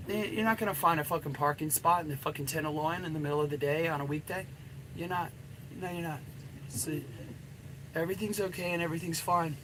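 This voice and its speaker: A man's voice: on the high side, fairly bright tone, a little hiss or hum, poor audio. A middle-aged man, a dating coach, giving a blunt, profanity-laden and rambling coaching rant.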